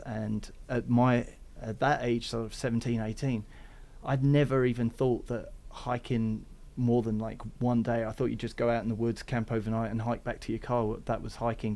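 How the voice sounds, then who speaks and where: Gravelly English man with Aussie twang. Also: mid-range voice, level tone, moderate pace, few pauses, dark tone. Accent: English with some Australian. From England. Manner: rambling, easygoing storytelling. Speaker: guest, thru-hiker. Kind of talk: casual interview chat.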